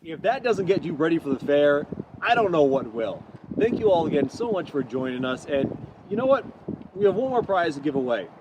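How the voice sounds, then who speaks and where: A man's voice: fairly high pitch, sing-song, brisk, lo-fi sound, noisy background. A man with a Midwestern American accent hosting a virtual fair event, upbeat and promotional. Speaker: event host.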